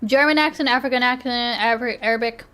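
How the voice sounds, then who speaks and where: A woman's voice: on the high side, fast, sharp tone. A woman streamer chatting casually, constantly restarting and interrupting herself. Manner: self-interrupting, frequent restarts and laughs. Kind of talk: casual chat.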